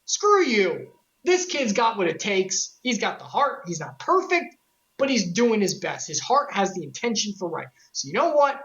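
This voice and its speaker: A woman's voice: medium pitch, very animated, normal speed, highs cut off. A woman voicing a cheeky talking Keyblade weapon that talks in a brash, mocking and emphatic way. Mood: defiant.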